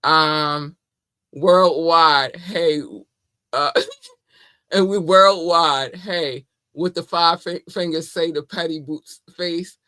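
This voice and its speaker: A woman's voice: low voice, steady tone, drawn-out words, sharp tone, no echo, studio quality. A woman hosting her podcast in a casual monologue, effusive and playful, often laughing. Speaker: podcast host.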